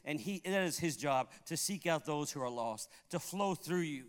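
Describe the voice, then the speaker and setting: A man's voice: fairly high pitch, normal speed. A man from Puerto Rico preaching a sermon as a pastor, telling a story and acting out the people in it. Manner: animated, acts out the people in his story. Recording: long hall reverb.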